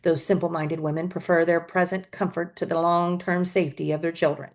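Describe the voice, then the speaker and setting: A woman voicing a stern, brisk older society lady who speaks crisply and commandingly in a storybook reading. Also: on the low side, flat delivery, natural voice.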